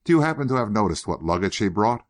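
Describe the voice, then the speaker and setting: A man voicing a suave, solicitous older gentleman schemer with a smooth, faintly ironic manner. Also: fairly low pitch, big pitch swings, fast. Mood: silky.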